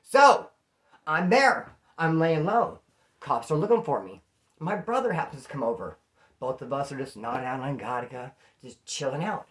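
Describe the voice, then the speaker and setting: A man from California telling stories in a casual, animated way, acting out the voices of the people in them. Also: fairly high pitch, moderate pace. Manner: animated, acts out quoted voices. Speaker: storyteller host. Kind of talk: casual storytelling.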